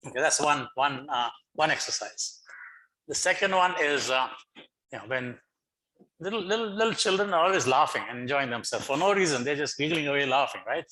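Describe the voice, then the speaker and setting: A middle-aged man speaking over a video call as a guest speaker, coaxing his audience through a lively online session and often repeating words as he gets going. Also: fairly high pitch, fairly quick, rough recording. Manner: animated, coaxing, repeats words when starting. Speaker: guest speaker for teacher training. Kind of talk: online lecture leading laughter exercises.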